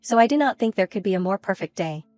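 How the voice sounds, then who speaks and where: A woman reads an affectionate duchess mother, gentle and teasing, in a dry storybook recap. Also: mid-range voice, expressive, quick pace, no room sound, soft background music, lightly acted.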